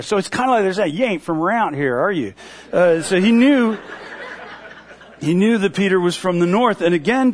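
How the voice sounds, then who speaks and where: A middle-aged male pastor preaching a sermon in a conversational, storytelling manner. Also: fairly high pitch. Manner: conversational storytelling with acted-out quotes.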